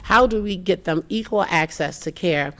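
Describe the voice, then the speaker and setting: On a mental health panel, a woman speaks earnestly at a normal speed in a fairly low voice. She restarts often and acts out the people she quotes in lively voices.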